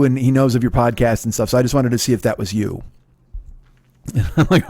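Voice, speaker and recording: A man's voice: mid-range voice, animated, brisk, long pauses, dark tone, no echo, clean studio sound. A middle-aged man hosting a podcast, telling a rambling, profane, self-deprecating story with many restarts. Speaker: podcast host. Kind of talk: casual storytelling monologue.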